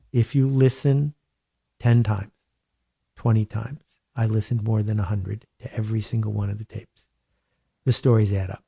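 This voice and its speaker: Picture a man in a home studio talking as an author being interviewed, with a voice of ordinary depth. His delivery is wry and animated, and he hammers points home by repeating them. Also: medium pitch. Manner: animated, wry storyteller with emphatic repetition. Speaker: guest author. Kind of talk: conversational interview.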